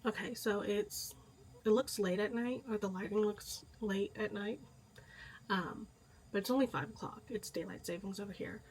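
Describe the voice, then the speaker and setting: A woman vlogging casually about books, hoarse with a stuffy nose from illness, chatty and a little dramatic about it. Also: medium pitch, normal speed. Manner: chatty, self-aware dramatic. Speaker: book vlogger. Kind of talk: casual vlog chat.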